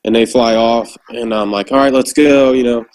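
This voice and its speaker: A man's voice: medium pitch, moderate pace, low-quality recording. A man who served as a Marine corporal, telling war stories in a casual, profane chat. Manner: profane, animated storyteller. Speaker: former Marine corporal, guest.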